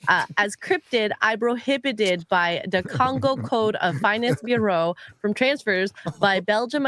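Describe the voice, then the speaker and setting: A woman's voice: mid-range voice, a bit bright, lightly acted. A woman voicing a pushy male swamp-dwelling sauropod who pleads in broken English with an overdone foreign accent.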